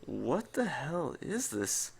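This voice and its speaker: A man's voice: on the high side, very animated, takes it slowly, creaky, a little mellow. A young man co-hosting a casual chat, joking and laughing often. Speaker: podcast co-host.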